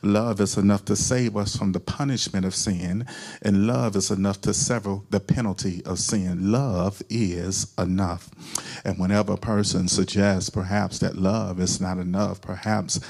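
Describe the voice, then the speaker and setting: A man's voice: low-pitched, steady tone, moderate pace, gravelly, darkish tone. A man preaching a sermon as pastor, repeating key phrases and calling on the congregation to answer back.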